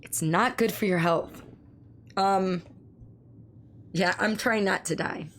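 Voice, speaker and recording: A hoarse woman with laryngitis, chatting casually with her stream viewers and reading their messages aloud, speaking slowly to spare her voice. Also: mid-range voice, slight background noise. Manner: reads viewer messages aloud and answers them. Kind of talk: casual live-stream chat.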